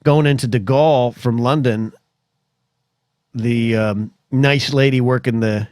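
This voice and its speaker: A man's voice: mid-range voice, steady tone, a little slow, darkish tone, no room sound, studio quality. Rambling middle-aged man. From United States. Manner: rambling, chatty storytelling with many asides. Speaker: podcast host. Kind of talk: solo rambling podcast monologue.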